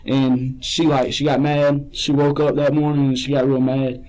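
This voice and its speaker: A man's voice: mid-range voice, flat delivery, moderate pace, warm tone, poor audio. A man being questioned by police, rambling and hesitant, often repeating himself. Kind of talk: police interrogation.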